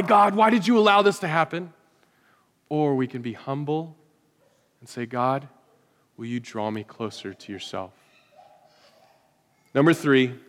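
A man preaching a sermon to his congregation, swinging from loud rhetorical questions to hushed, quiet lines. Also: fairly high pitch. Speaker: pastor. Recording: hall reverb.

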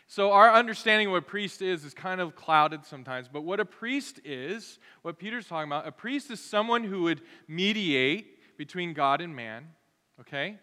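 Animated male pastor in a reverberant hall. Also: fairly high pitch, smooth. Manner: animated, acts out voices of others. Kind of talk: sermon. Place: church sanctuary.

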